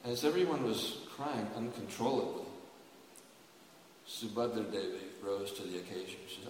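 A man's voice: on the low side, moderate pace, background noise. A man preaching, retelling a sacred story in an emotive, dramatic way. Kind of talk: sermon storytelling. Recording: echoey hall, far from mic.

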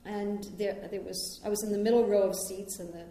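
A middle-aged American woman from New York gives a conversational spiritual talk. She tells personal stories in a gently reflective way. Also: medium pitch, fairly even intonation, a little fast. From New York, United States. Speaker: spiritual teacher. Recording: very echoey room.

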